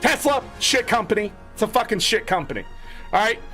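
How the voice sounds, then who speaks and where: Man, very high voice, bright and sharp, profane angry rant, music behind. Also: lively intonation, brisk. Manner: mocking quoted voices in lower tones. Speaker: gaming streamer. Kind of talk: ranting commentary.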